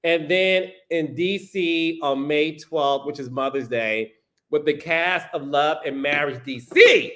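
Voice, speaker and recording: A man's voice: on the high side, slow pace, fairly bright tone. A man hosting a live stream, reading out viewer comments in a sassy, playful way and calling people honey and child. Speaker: podcast host.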